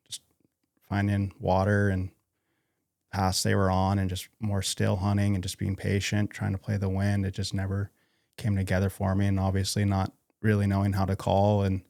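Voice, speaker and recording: North idaho guy on a podcast, low flat voice, lots of ums and restarts, dry sound. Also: gravelly, no room sound. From North Idaho, USA. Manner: halting, lots of fillers and restarts. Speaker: podcast guest. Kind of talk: casual interview conversation.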